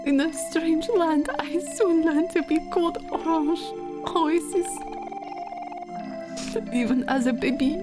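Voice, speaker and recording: A woman voicing a pompous, lonely male alien artist from a game, in a theatrical put-on French-ish accent. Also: extremely high pitch. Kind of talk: reading game dialogue aloud. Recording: game music playing underneath. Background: game music.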